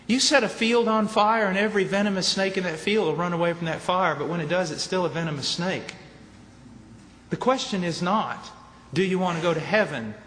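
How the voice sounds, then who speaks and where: Emphatic preacher, bright high voice. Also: male voice. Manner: emphatic, swinging from low and quiet to shouting. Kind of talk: conference sermon. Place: large conference hall. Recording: echoey hall with faint noise.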